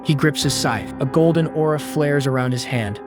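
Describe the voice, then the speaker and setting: A man's voice: fairly high pitch, moderate pace. A man narrating a scripted comic recap with slangy, punchy quips. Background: faint background music.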